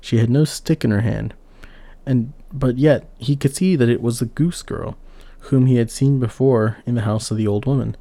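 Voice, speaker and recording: Gravelly, dark-voiced male storyteller. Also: medium pitch, dry recording. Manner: steady, unhurried reading of an old tale. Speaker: narrator. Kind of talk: storybook narration.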